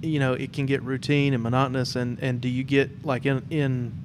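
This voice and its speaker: A man's voice: medium pitch, fairly quick, noisy background. A man with a mid-range voice who hosts an informal chat about theatre. He speaks in an easy, meandering way and often restarts his sentences. A faint room ambience sits under him. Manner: relaxed, rambling, many fillers and restarts. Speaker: podcast host. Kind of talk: casual interview chat.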